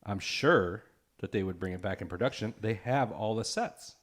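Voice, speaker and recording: A man's voice: lowish voice, normal speed. A man co-hosting a casual podcast chat, playful and teasing. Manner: playful, bursts into singing. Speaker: podcast co-host.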